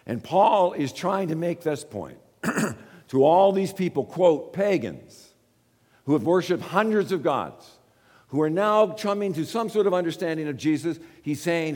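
A man's voice: a little high, lively intonation, a little slow, darkish tone. A man, preaching a sermon as a pastor, earnest and repeating words as he builds each point. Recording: long reverb of a large hall.

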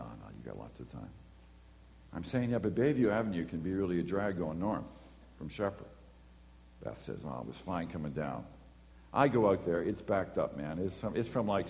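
A preacher delivers a sermon with an animated storytelling manner, acting out dialogue as he goes. His voice rings out in a hall with a long, lingering reverb. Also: sits low, gravelly. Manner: animated storytelling, acts out voices and horn beeps.

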